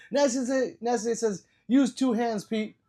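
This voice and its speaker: Older guy rambling on his livestream, cussing, repeating himself, yelling then going quiet. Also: very high-pitched, slow. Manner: profane, rambling, stammers and repeats words; loud swings between shouting and muttering. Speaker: livestream host. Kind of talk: livestream chat reading.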